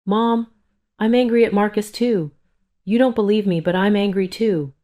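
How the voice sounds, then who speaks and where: Lady doing a desperate grown daughter, begging, low voice. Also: unhurried, a little mellow. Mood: pleading. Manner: pleading, emotional. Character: pleading tearful grown daughter.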